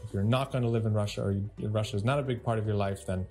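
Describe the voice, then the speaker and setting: A man hosting a casual podcast, upbeat and animated as he tells stories. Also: fairly low pitch, rapid-fire, soft background music. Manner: upbeat, animated storytelling with frequent laughs. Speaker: podcast host.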